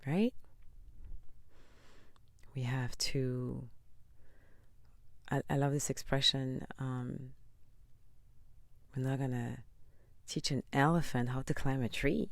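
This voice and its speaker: A woman talking to camera in a casual motivational vlog, earnest and inspirational, sometimes dropping into soft whispers. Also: extremely low pitch, steady tone, slow, creaky, long pauses, no room sound. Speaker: vlogger.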